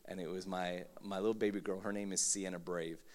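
A man in his thirties preaching from the pulpit in a joking, self-mocking way, with a somewhat low voice. He often stops to say "uh" and starts his sentences over. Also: steady tone, fairly quick, a little mellow. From Philippines. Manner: joking, self-mocking, many fillers and restarts. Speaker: pastor. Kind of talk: humorous sermon.

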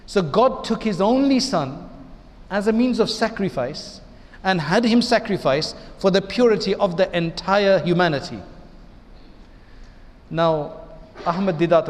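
A man's voice: fairly high pitch, long reverb tail. A man, an imam, giving an Islamic lecture in a conversational way, often asking his listeners rhetorical questions.

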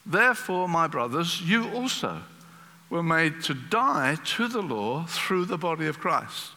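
A man preaching a sermon to a congregation in a lively, animated way, acting out quoted voices and using many fillers. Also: a little high, unhurried. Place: church hall. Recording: long hall reverb.

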